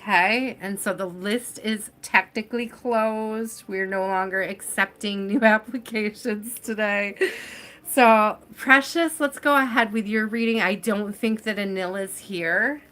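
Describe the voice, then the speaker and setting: A woman's voice: medium pitch, fairly even intonation, measured pace, a bit bright. A woman hosting a live tarot reading stream, chatting casually and addressing viewers by name as she reads.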